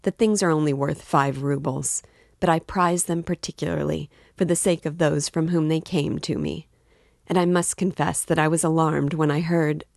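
A woman's voice: low voice, steady tone, moderate pace, creaky, a little mellow, no room sound, clean studio sound. A woman reading aloud voices a tense, defensive young male student who covers his nerves. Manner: guarded, feigning irritability.

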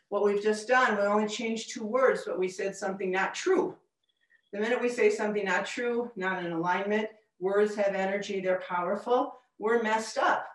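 A woman leads a live workshop, energetic and demonstrative as she talks a group through exercises. Her voice sits in a middle range. It comes from a distance and carries a roomy echo. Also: mid-range voice. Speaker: workshop presenter and coach. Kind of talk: live presentation with audience exercises. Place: presentation room with a group. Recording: echoey room, mic far off.

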